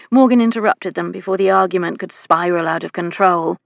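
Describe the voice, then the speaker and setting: A woman narrating a historical romance audiobook in a measured, even storytelling voice. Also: lowish voice, gravelly, no room sound, highs cut off. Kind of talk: scripted narration of a romance novel.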